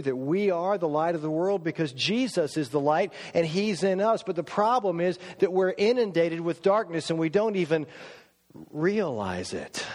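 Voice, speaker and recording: A man preaching a sermon in a church, emphatic and full of rhetorical questions, slowing down to stress his words. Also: fairly high pitch, a little mellow. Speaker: pastor. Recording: long church hall reverb.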